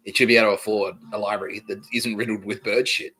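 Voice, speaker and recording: A man with an Australian accent delivering a rambling, profane comedic monologue, repeating himself and swinging between loud outbursts and mumbling. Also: on the low side, flat delivery, quick pace. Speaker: podcast host.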